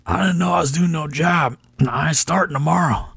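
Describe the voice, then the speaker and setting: A man's voice: a little high, a little fast, gravelly, fairly bright tone, slightly rough, no room sound, pitched above the performer's own voice, exaggerated voice. A man doing an impression of a stubborn older male veteran wrestler who insists and repeats himself. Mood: insistent.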